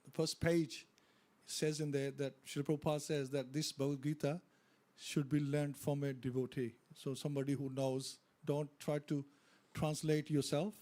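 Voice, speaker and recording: A man in a temple class discussion, adding a point in a halting, plain way. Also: a little high, flat delivery, dark tone. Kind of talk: informal devotional discussion. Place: temple hall.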